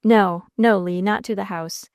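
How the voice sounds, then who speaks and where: A desperate young woman from an old romance speaks through sobs and falters, as a woman narrator puts her on. The voice is smooth and clear, recorded close and dry. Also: mid-range voice, fairly even intonation, unhurried, darkish tone, no room sound, lightly acted. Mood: distraught. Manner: sobbing, faltering.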